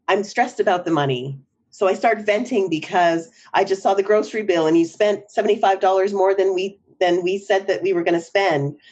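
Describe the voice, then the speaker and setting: A middle-aged psychotherapist with a low-sitting voice is a guest in a podcast interview, and the sound is lo-fi. She talks reflectively and often checks in with "right?"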